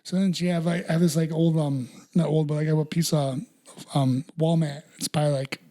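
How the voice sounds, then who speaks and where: A man's voice: a little high, steady tone, a little fast, warm tone. A man in his thirties co-hosting a podcast, telling rambling casual stories full of "dude" and "bro". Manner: rambling storyteller, says "dude" and "bro" often. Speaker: podcast co-host. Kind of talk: casual chat.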